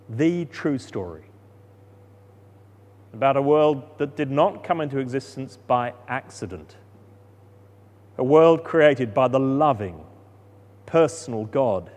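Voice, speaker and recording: A man preaching a sermon, expressive, rising for drama and dropping soft for calm moments. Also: mid-range voice, in a large hall.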